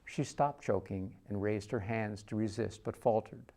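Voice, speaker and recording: A man reading a literary short story aloud in a measured narrating voice. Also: lowish voice, mellow. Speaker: reader.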